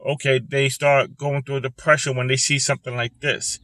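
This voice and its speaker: A man talks into a close mic from a parked car, earnest and halting, often repeating himself as he works through his thoughts. His voice has a bright, forceful edge, and the sound is dry and close with no room echo. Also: mid-range voice, level tone. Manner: earnest, repetitive, halting, with pauses and restarts. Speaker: vlogger speaking about depression. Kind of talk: personal confessional monologue.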